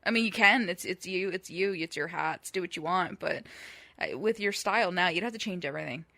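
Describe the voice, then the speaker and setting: A woman co-hosting a podcast, talking in a relaxed, frank and agreeable way. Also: lowish voice, brisk, gravelly, no echo. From Canada. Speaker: podcast co-host. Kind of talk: casual chat.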